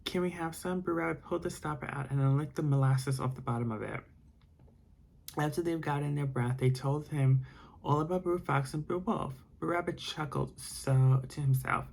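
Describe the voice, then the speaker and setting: A man reading a bedtime story aloud in ASMR style, with soft, rambling asides. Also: a little high, normal speed, creaky.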